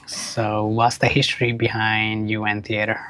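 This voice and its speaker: A man's voice: fairly low pitch, monotone, measured pace, bright, forceful tone. A man hosting a casual podcast interview, upbeat and friendly, with slightly non-native phrasing. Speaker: podcast host.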